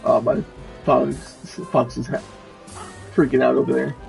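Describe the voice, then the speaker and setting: A man's voice: medium pitch, little pitch movement, a little slow, creaky, a little mellow, soft background music, poor audio. A man streaming a game with casual commentary. He reads the quest text and the characters' lines aloud.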